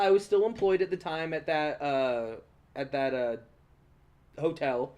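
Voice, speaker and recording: A young man hosting a podcast, telling a story in a casual, animated way, swearing often and laughing along. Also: fairly high pitch, measured pace. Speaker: podcast host.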